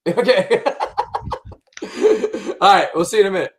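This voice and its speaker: Male livestream host, slightly high voice, excitable, rambling, heavy profanity. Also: measured pace. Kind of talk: casual livestream chat.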